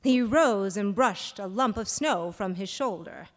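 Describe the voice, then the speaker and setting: A woman reads a short story aloud on a hall stage, her voice moving in lively swings of pitch. She takes her time, and the long reverb of the hall follows her words. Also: measured pace. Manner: expressive storytelling. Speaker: reader. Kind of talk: live fiction reading.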